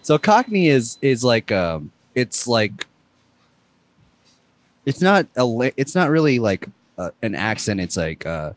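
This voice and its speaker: A man's voice: medium pitch, unhurried, dry recording. A man co-hosting a casual chat, telling stories and acting out what people said. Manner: animated storytelling, acting out quotes. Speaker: podcast co-host.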